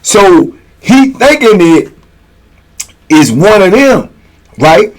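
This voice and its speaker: A man's voice: sits high, very animated, slow, rough recording. A man casually telling a prison story, laid-back and slangy, breaking into laughs. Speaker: storyteller, host.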